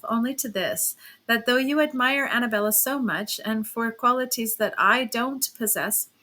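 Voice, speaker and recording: Brief: woman reader as a gentle, plaintive young wife, bright and higher-pitched. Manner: soft, hesitant, plaintive. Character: timid, gentle young wife, sad and yielding.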